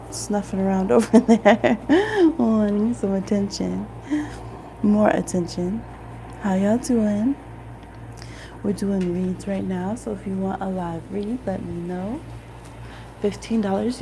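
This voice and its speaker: A woman with a Midwestern American accent hosts a casual tarot live stream from home. Her speech is slow and a bit gravelly, and she chats warmly with viewers and laughs a lot. The phone recording picks up clear rain noise behind her. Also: medium pitch, rough recording. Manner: chatty, laughs often, greets viewers. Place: home, room with a lamp, rain outside.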